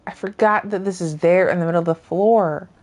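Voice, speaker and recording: A woman streamer chatting casually over her gameplay, rambling and often trailing off into soft murmurs. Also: lowish voice, brisk. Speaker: gaming streamer.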